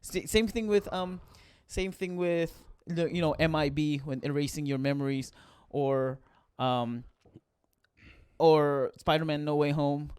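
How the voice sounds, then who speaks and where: A man co-hosting a casual podcast chat, rambling and animated as he recounts scenes. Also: on the high side, measured pace, clear, resonant tone, no echo, clean studio sound. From Philippines. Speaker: podcast co-host.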